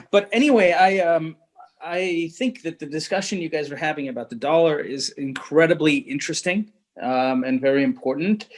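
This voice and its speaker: A man speaking as a guest market analyst over a video call, talking in halting bursts with many fillers and restarts. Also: on the high side, low-quality recording. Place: Munich, remote.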